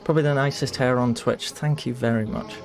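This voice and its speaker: A man commentating live gameplay, excitable, swearing and shouting at the game. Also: medium pitch, brisk. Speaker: game streamer. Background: game music.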